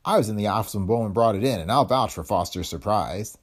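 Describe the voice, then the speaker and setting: A man's voice: on the low side, fast, lightly acted. A man voicing a weary, hard-boiled detective laying out his accusations in an audiobook reading. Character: tough, weary male private detective.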